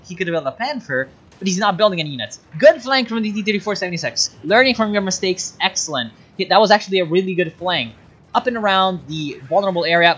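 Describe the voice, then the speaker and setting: Caster for a strategy replay: lively, swinging delivery, patient explaining that erupts into frustrated yelling, dull lo-fi sound. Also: medium pitch, breathy edge. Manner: explains mechanics, then breaks into exasperated shouting at players. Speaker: game caster. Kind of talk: replay commentary of a strategy game.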